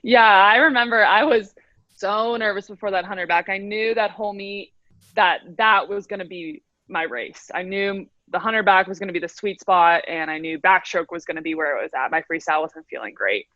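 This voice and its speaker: A woman's voice: medium pitch, moderate pace, sharp tone, no echo. Twenties female athlete guest, bubbly and chatty, dry slightly dull sound. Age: 20s. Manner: upbeat, laughs often, many fillers. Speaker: professional swimmer guest. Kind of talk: casual interview chat.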